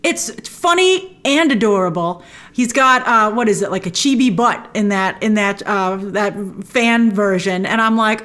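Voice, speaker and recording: Animated woman host breaking down a trailer. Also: fairly high pitch. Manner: chatty and opinionated, with excited asides.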